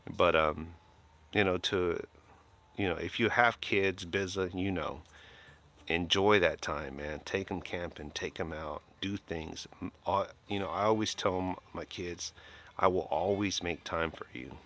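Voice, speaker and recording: A man's voice: low voice, a little slow, sharp tone, slight background noise. An older man casually chatting to his viewers, rambling and heartfelt with lots of fillers and restarts. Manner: emotional, kind-hearted. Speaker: live streamer.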